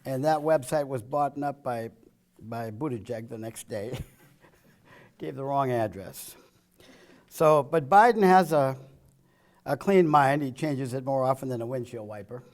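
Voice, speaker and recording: A man giving a political speech full of jokes and one-liners, chuckling at his own punchlines and swinging between loud quips and low, muttered asides. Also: measured pace, long pauses. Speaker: political speaker. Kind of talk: joke-filled political speech.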